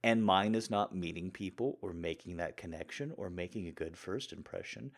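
A man hosting an audio channel, answering listener questions in a casual, jokey, animated way. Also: low-pitched, moderate pace. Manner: animated, jokey, bursts of laughter. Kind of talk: casual Q&A chat.

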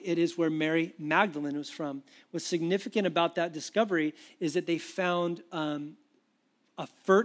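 A man preaching a sermon with animated, conversational storytelling. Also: fairly high pitch. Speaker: pastor.

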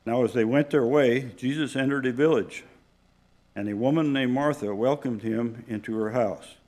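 A man's voice: medium pitch, moderate pace, a little mellow. Man reading scripture aloud. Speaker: scripture reader.

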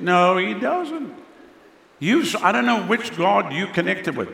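A middle-aged male pastor preaching a sermon, swinging between loud declarations and hushed asides. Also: high-pitched, very animated, takes it slowly, creaky. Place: large church hall. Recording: echoey hall reverb.

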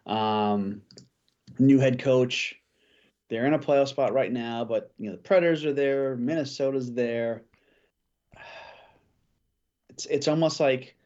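A man chatting casually about hockey as a podcast guest, thinking out loud with fillers and restarts. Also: medium pitch, highs cut off. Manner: thoughtful, many fillers and restarts. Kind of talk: casual sports chat.

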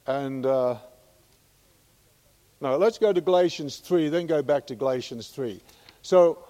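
A man teaching a Bible study, slow and emphatic, getting louder when he reads scripture aloud. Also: fairly high pitch. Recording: long hall reverb.

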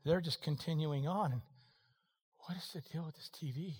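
High-voiced man preaching in a reverberant hall. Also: moderate pace, husky. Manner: swings from quiet to shouting, folksy asides. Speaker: pastor. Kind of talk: sermon. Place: church hall.

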